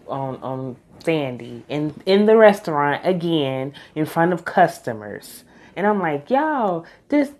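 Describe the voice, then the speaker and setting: Low-voiced blunt woman recapping a show. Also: darkish tone. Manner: blunt, exasperated, cursing. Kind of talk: casual recap commentary.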